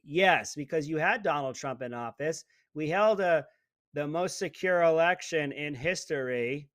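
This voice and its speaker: A man's voice: a little high, lively intonation, unhurried, no echo, clean studio sound. A man hosting a talk radio show, ranting in an indignant, sarcastic way. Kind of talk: opinionated talk radio monologue.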